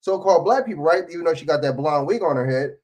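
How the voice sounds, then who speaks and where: A man's voice: on the high side, lively intonation, quick pace, a little mellow, low-quality recording. Frustrated man in casual commentary. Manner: repetitive, frustrated, lots of "you know what I'm saying". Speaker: co-host.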